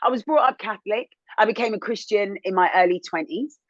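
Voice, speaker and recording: A woman in her thirties, a TV presenter, telling her own story as an interview guest in a candid, animated way, rising high when indignant. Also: a little fast, no echo, dull audio. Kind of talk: emotional personal testimony.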